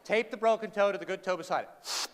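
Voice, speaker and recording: A man's voice: high voice, fast, fairly bright tone, a little hiss or hum. A man telling a humorous personal story to a live audience in a large hall, sarcastic and self-deprecating, quizzing the listeners as he goes. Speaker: humorous speaker. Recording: reverberant hall, faint background ambience.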